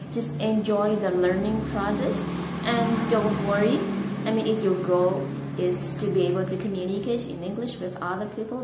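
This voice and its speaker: Slow, relaxed Indonesian woman teaching English. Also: mid-range voice. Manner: relaxed and chatty, laughs at herself. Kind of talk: casual video lesson. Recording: echoey room with clear background noise.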